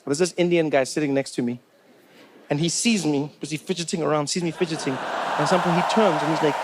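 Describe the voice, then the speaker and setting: A man doing stand-up comedy, telling stories in an animated, incredulous way. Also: a little high, quick pace, background noise.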